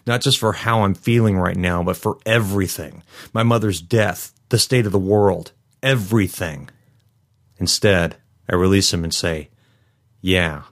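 A man narrating a first-person story in a measured, somber way. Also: deep voice, a bit bright. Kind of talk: first-person fiction reading.

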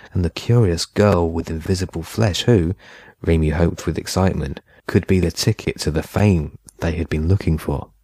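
A man narrating a horror short story in a measured, unhurried way. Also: low-pitched, darkish tone, slightly rough, no room sound. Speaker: audiobook narrator.

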